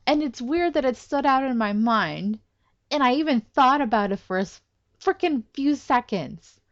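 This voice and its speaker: A woman giving casual commentary as she plays a game, excitable, exclaiming and laughing often. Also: high voice, normal speed, muffled recording. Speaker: let's play gamer.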